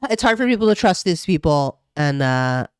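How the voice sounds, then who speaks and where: A woman's voice: deep voice, animated, normal speed, clear, resonant tone, no room sound, studio quality. A young woman from New Jersey chatting casually on a live stream, swearing freely and reacting to chat. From New Jersey, USA. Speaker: streamer reading the news.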